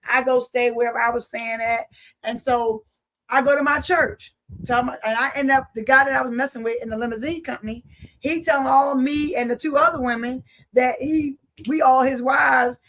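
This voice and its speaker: Her voice sits high with a fairly bright tone, and she talks briskly. This Philadelphia woman recounts her faith story with vivid detail and acted-out dialogue, preaching directly to those listening.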